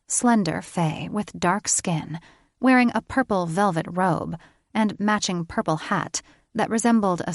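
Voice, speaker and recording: A woman narrates a fantasy novel at a slow, deliberate pace. Her storytelling is measured and even. The voice sits close and dry, with no room sound around it. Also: fairly low pitch, no echo. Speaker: audiobook narrator. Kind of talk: scripted audiobook narration.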